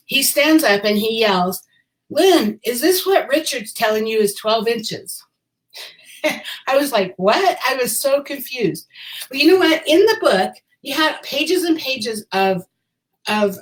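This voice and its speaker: A woman telling a story from her past straight to camera, in a loose, chatty vlog style. She wanders between asides, repeats phrases for emphasis and lets out small laughs at her own expense. Her voice sits at an ordinary middle pitch. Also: rough recording. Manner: rambling, repeats phrases for emphasis, chuckles at herself. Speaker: vlogger telling a personal story.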